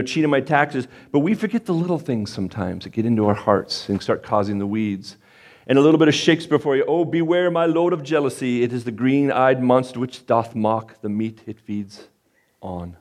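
Guy preaching a sermon, chatty pastor who gets fired up, pokes fun at himself. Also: medium pitch. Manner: conversational, self-deprecating, gets fired up.

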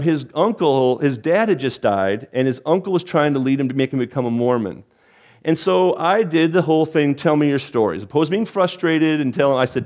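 A middle-aged man preaching as a pastor, telling a personal story and acting out the quotes before closing in prayer. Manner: animated storytelling, acts out quotes with pitch jumps.

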